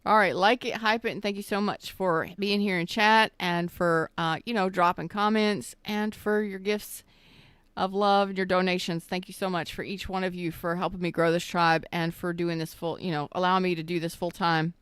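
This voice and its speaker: A woman gives a live tarot reading, choked up and emotional, her words slow and soothing with halting pauses. Her voice sits somewhat low and sounds smooth and resonant, recorded close and dry. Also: steady tone, fairly bright tone, no room sound. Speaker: tarot reader.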